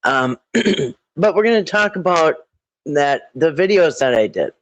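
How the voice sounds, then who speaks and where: A man hosting a casual live stream, rambling with halting restarts and frequent throat clearing. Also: a little high, lively intonation, no echo, poor audio. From Minnesota.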